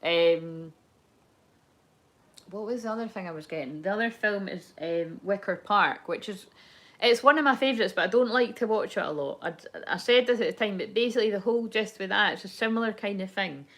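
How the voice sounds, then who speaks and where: A woman's voice: medium pitch, a little fast, a bit bright. Young woman rambling through a tarot reading, swears a lot, super casual. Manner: rambling, candid, swears and laughs often. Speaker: tarot card reader.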